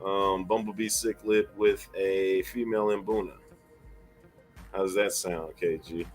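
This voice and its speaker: A man co-hosting a casual stream, telling animated stories and acting out other voices. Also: low voice, unhurried, soft background music. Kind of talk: casual live-stream chat.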